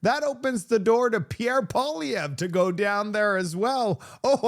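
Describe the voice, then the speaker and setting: A man hosting political commentary with a sarcastic, animated delivery. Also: sits high. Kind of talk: opinion commentary.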